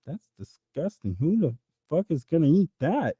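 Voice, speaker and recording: A man's voice: a little high, very animated, moderate pace, warm tone, slightly rough, no echo, studio quality. A man hosting a livestream, reading chat and riffing through improvised comic rambles that swear freely.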